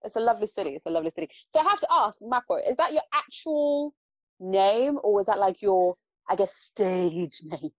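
Lively, bubbly woman host. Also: medium pitch, brisk, dry recording, lo-fi sound. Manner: bubbly, laughing, talkative. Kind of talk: casual interview hosting.

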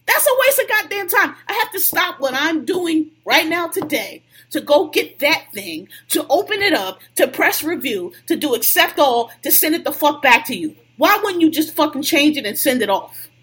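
High pitched woman going off, cussing nonstop, casual podcast rant. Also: big pitch swings, normal speed, fairly bright tone. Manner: profane, heated ranting. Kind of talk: casual venting chat.

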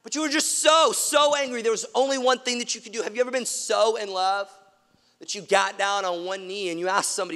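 High, bright-voiced preacher man in a hall. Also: steady tone, fairly quick, smooth. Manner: casual, emphatic storytelling preacher. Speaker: pastor. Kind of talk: sermon. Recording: long reverb of a large hall.

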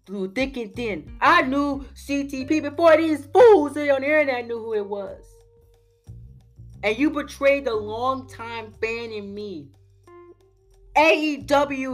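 A man's voice: very high-pitched, fairly bright tone, exaggerated voice. A man voicing an angry, betrayed longtime male fan who scolds and rants in slang. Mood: scolding. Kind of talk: reading an email aloud in character.

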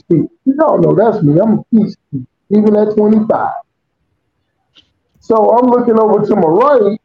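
A man on a casual podcast telling a long, profane story, acting out the quotes as he goes. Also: high voice. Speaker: podcast co-host. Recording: dull lo-fi audio.

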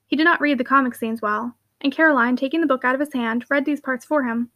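A woman narrating a classic novel aloud with a clear, even reading. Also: high-pitched, quick pace. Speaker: audiobook reader. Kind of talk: scripted narration.

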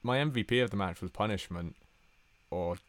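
Brief: deep-voiced young guy, podcast co-host, ribbing his partner. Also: a little fast. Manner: teasing, laughs often. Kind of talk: casual chat.

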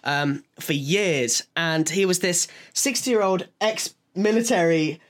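A man from England in casual chat, telling animated stories with a lot of swearing. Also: high-pitched, slow. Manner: animated storyteller, slips into accent impressions.

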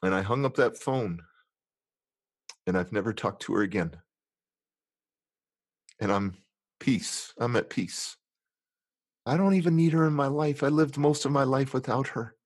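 A middle-aged man, a guest in a conversation, candidly telling a painful personal story in an earnest, emotional way, dropping low and quiet at the hardest moments and acting out his inner dialogue. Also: a little slow, pauses often, breathy edge, no echo. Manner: acts out inner dialogue in different tones.

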